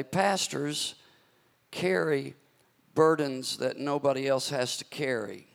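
A man's voice: medium pitch, gravelly. A man preaching a sermon as pastor, stretching out scripture phrases with dramatic emphasis. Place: church sanctuary. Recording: long hall reverb.

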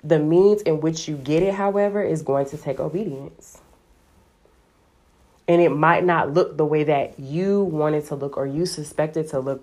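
A woman with a low voice teaching from the Bible in a relaxed, conversational way. She talks animatedly, sprinkling her speech with "like". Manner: chatty, animated, heavy use of "like". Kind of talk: casual devotional teaching.

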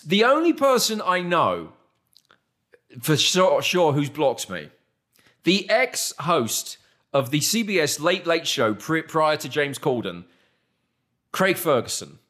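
A man with a Southern British accent, his voice sitting a little high for a man. He chats casually as a podcast host, wandering through self-mocking anecdotes and voicing the people in them. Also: sing-song, slow pace, pauses often, fairly bright tone. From southern England. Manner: rambling, self-mocking anecdotes with acted-out quotes. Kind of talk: casual chat, storytelling.

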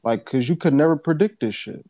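Excitable young man with lively pitch. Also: fairly quick, no room sound, muffled recording. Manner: excitable, swears freely, bursts of laughter. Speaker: podcast co-host. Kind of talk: casual chat.

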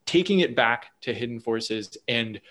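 A man's voice: medium pitch, expressive, a little slow, fairly bright tone. A man interviewing a podcast guest, framing long, articulate, winding questions.

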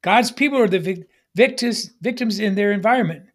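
A folksy preacher in full sermon, stretching key lines slowly and urging the crowd to say them back. The voice swings between soft, hushed asides and louder bursts, and at times it drifts away from the mic. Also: medium pitch. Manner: call-and-response, urging the congregation to repeat lines; folksy, humorous storytelling.

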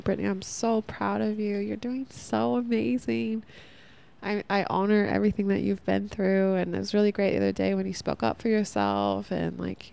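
A young woman talks through her own self-help podcast in a loose, earnest ramble full of "like" and little laughs at herself. Her voice is mellow and warm, with a gravelly fry. She sits in the middle range for a woman. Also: medium pitch. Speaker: podcast host.

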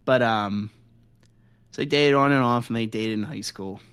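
A man's voice: mid-range voice, normal speed, a bit bright, clean tone. A man co-hosting a podcast in casual chat, telling long rambling stories full of swearing and "like". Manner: rambling, profane storytelling with frequent "like" and laughs. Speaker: podcast co-host.

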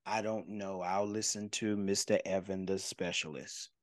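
A man's voice: deep voice, level tone, normal speed. A man hosting a casual sports chat, teasing and questioning his co-host.

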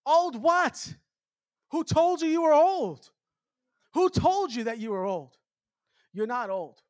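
A man with a very high voice preaches a fervent revival sermon. He hammers on repeated rhetorical questions and climbs toward shouting. The sound is dry and close, with no room around it. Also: lively intonation, takes it slowly, no echo.

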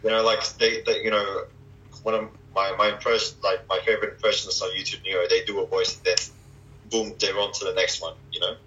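A man's voice: fairly low pitch, flat delivery, brisk, pushed and bright, lo-fi sound. A young man chatting casually and hesitantly, with lots of fillers and restarts. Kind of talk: casual chat.

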